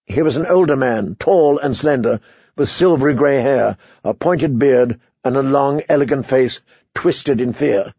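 A man narrating a story as an audiobook reader, in a measured, even way. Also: medium pitch, husky, no room sound, highs cut off. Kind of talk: scripted narration.

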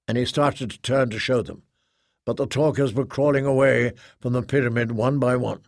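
A man with a medium-pitched voice narrates an audiobook in a measured, even storytelling manner. The sound is clean studio quality with no echo.

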